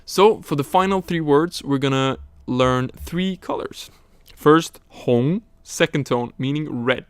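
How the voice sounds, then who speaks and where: A man teaching a recorded language lesson, slowly explaining words, tones and examples. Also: a little high, clear, resonant tone, no echo.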